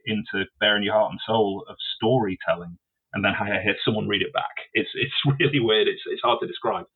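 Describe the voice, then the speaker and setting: A man with a fairly low voice talks over a thin, tinny line that sounds like a phone call. He is a guest author in a relaxed interview, thinking aloud and tripping over repeated words as he goes. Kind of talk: casual interview conversation.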